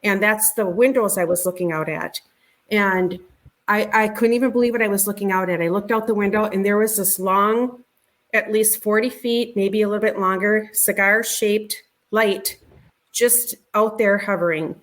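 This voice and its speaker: A middle-aged woman, an interview guest, recounting a personal experience in a conversational, halting way, often repeating words and restarting her sentences. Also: mid-range voice, fairly even intonation. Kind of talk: conversational storytelling.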